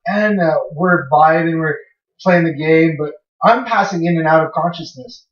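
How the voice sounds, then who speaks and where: A man's voice: on the high side, normal speed. Man, young adult, rambling casual storyteller, swears a lot, roomy echo, far-off mic. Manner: rambling, swears freely, acts out his own past lines. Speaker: podcast co-host. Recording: echoey room, far from mic, dull lo-fi.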